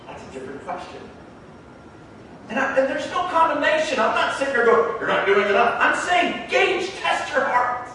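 A man preaching a sermon as a pastor, telling stories in an animated way and acting out the dialogue. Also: extremely high pitch, normal speed. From Canada. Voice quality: animated storyteller who acts out the dialogue in his stories. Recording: very echoey hall, mic far off, faint background noise.

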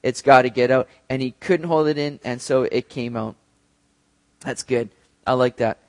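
A man's voice: medium pitch, measured pace. A man preaching a sermon in a casual, conversational way, with frequent fillers and restarts, speaking directly to the congregation.

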